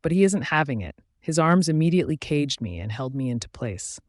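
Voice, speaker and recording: A man reading a romance novel aloud in a steady, even first-person narration. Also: a little high, a little fast, dry recording, clean studio sound. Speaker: audiobook narrator.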